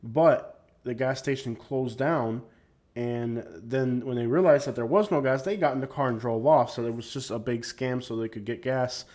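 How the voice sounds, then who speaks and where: A man talks through his own vlog footage in a loose, unscripted way. He rambles and gives his opinions freely, and he often stops to restart a sentence. His voice sits at an ordinary, mid-range pitch for a man. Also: fairly even intonation, moderate pace, darkish tone. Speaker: vlogger. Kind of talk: casual vlog narration over driving footage.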